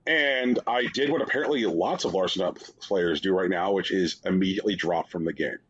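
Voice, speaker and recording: Husky-voiced man, sarcastic podcast rambling. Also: deep voice, a little fast. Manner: rambling, sarcastic storytelling with many fillers. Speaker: podcast co-host. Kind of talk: casual chat reviewing games. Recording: dull lo-fi sound.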